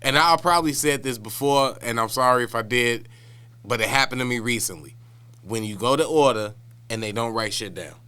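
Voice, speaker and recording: Smooth-voiced man ranting on a podcast. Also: mid-range voice, brisk. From Wisconsin, US. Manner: relaxed storyteller, detailed rants. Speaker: podcast co-host. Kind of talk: casual comedic podcast chat.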